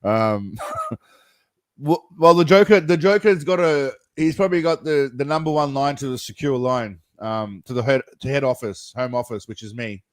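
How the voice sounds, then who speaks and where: A man's voice: mid-range voice, moderate pace, no room sound. A man hosting a casual livestream chat, rambling with lots of laughter and calling viewers mate and brother. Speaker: livestream host.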